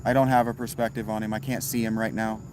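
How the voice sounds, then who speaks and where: A man's voice: fairly low pitch, flat delivery, fast, noisy background. Wry man chatting on a livestream. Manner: laid-back, wry, talks straight to chat, swears. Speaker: livestream host reading chat. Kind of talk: casual livestream chat.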